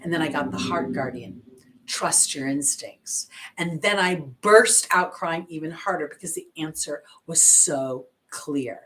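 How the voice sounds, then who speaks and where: A woman's voice: deep voice, normal speed, a bit bright, a little hiss or hum. A woman, an intuitive astrologer, giving a casual oracle card reading and chatting expressively straight to her viewers.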